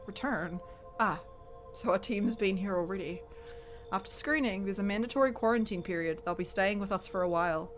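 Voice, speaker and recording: A calm government inspector in a game, read by a woman, speaking in a smooth, reassuring, bureaucratic way. His lines sound practiced and official. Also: medium pitch, fairly quick, faint music behind, close to an everyday voice.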